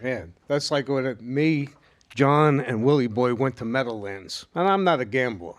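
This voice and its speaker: A man's voice: medium pitch, expressive, normal speed. An older man in a casual chat, chiming in with his own anecdote in an easygoing way.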